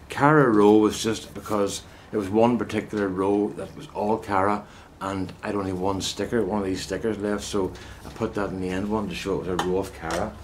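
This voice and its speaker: Older man, low rambling chat. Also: slight background noise. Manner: meandering, chummy, many restarts and asides. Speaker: gardening vlogger. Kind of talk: casual rambling chat to camera. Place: outdoors in a windy vegetable plot.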